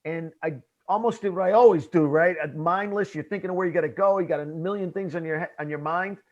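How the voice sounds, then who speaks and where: A man tells a story in a casual chat. He has a slightly high voice and acts out what he said back then. The sound is muffled and lo-fi. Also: quick pace. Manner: animated, acts out his own past lines, says bro. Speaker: podcast host.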